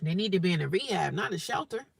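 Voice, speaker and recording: A woman's voice: lowish voice, expressive, quick pace, creaky, breathy edge, no room sound. A woman vlogging from inside her parked car, chatting casually and emphatically to viewers and calling them honey. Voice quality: emphatic, talkative, calls listeners honey. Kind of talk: casual vlog chat to viewers.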